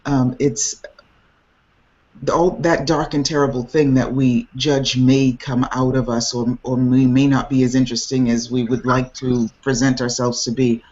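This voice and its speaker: A woman hosting a casual group video chat, animated and laughing often, with many restarts. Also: extremely low pitch, moderate pace, lo-fi sound. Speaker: host. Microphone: video call.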